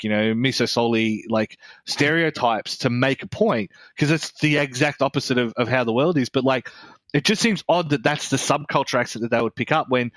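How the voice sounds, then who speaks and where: An Australian man with an ordinary, mid-pitched voice rambles through a casual podcast chat, cursing freely and restarting his sentences. The recording is dry and close, with no room sound around him. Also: a bit bright, no room sound. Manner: blunt, swearing, fast rambling with many restarts. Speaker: podcast co-host.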